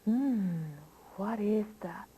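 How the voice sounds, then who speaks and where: A woman's voice: mid-range voice, very slow, mellow, a little hiss or hum. A woman voicing a big mocking male bear who cackles and mutters sniggering remarks in a storybook reading.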